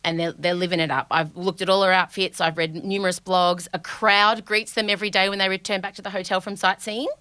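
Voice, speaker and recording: A woman's voice: mid-range voice, steady tone, sharp tone, clear, resonant tone, no echo. A woman, hosting a comedy podcast in a playful, riffing way. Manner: playful, riffing, quick to laugh. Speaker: podcast host. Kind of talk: casual comedic chat.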